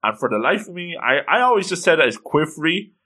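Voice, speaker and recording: Animated man retelling a story. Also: on the high side, a little fast. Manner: animated, keeps exclaiming and reacting. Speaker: reader and reactor. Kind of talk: storytelling recap of a comic.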